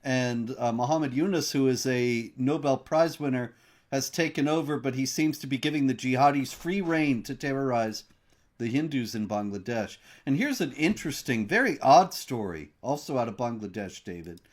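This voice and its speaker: A man hosting a news commentary discussion, laying out stories in a measured, reporting style with fillers. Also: mid-range voice. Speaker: host.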